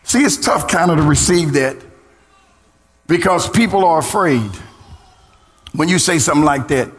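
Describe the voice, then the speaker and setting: A middle-aged man preaching a sermon as pastor, swinging into sung, shouted lines and calling on the congregation to respond. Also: fairly high pitch, animated, moderate pace, long pauses, slight background noise. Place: church. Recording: church hall reverb.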